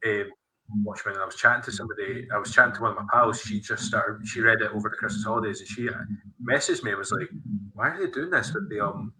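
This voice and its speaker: Man, podcast host, casual rambling chat, very bright tense voice, low pitch, faint hiss. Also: level tone, fast talker, low-quality recording. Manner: rambling, full of fillers and restarts.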